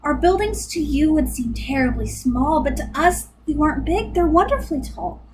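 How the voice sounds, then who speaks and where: A woman's voice: sits high, lively intonation, normal speed, a little mellow, poor audio. A woman voicing a tiny, grateful male mayor who speaks in a polite, eager way.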